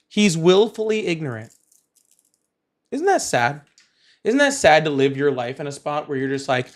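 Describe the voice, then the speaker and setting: A man's voice: fairly high pitch, big pitch swings, moderate pace. A young man hosting a live call-in political stream, talking casually and mocking his callers with sarcasm.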